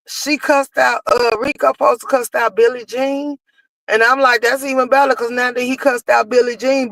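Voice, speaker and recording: A woman's voice: fairly high pitch, no room sound, rough recording. Blunt woman livestreamer, dry close sound. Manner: blunt, talks back to chat comments. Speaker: livestream commentary host. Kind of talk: casual livestream commentary.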